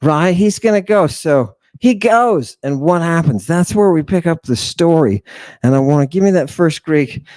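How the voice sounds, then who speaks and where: A man's voice: fairly high pitch, expressive, normal speed, a little mellow, no echo. A man giving a casual, irreverent lecture, joking and cutting himself off mid-thought. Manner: irreverent, joking, talks over himself and restarts.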